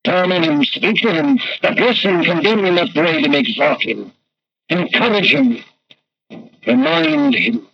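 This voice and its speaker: A man's voice: high-pitched, vocal fry, breathy edge, no echo. A man preaching a sermon in an emphatic, rhetorical way, his voice swelling and dropping. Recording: dull lo-fi archival recording with faint noise.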